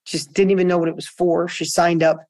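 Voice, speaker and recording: A middle-aged entrepreneur, appearing as a guest in a conversational interview, tells a story with lots of energy, frequently restarting and repeating himself. His voice is on the high side and he talks fast.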